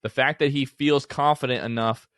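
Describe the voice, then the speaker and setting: A man in his thirties co-hosting a casual sports podcast, telling stories in an excited, animated way. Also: medium pitch, normal speed, no echo, studio quality. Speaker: podcast co-host.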